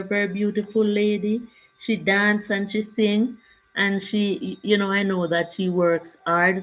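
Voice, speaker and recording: An older woman hosts a casual livestream. She talks slowly, wandering from topic to topic and stopping to greet her viewers by name. Her voice sits at a middle pitch. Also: rough recording. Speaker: livestream host.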